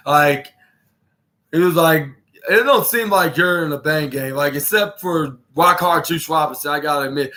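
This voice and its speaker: A man hosts a casual wrestling recap podcast. His voice sits a bit high and sounds bright and forward. He rambles with lots of fillers and false starts, and often slips into acting out what the wrestlers said. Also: moderate pace. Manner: rambling, many fillers and restarts, acts out quotes. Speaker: podcast host.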